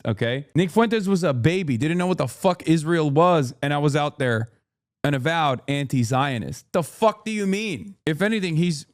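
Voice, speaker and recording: A man's voice: medium pitch, a little mellow, dry recording, clean studio sound. A man in his thirties chatting casually on a livestream, blunt and profane, ranting at his chat. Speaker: streamer.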